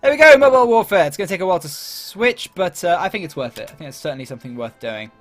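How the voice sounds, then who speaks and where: A fairly high-pitched, slightly bright male voice moves fast with lively intonation over faint background music. The speaker, a gaming YouTuber, chats his way through a strategy game, thinking aloud with plenty of fillers and self-directed laughter.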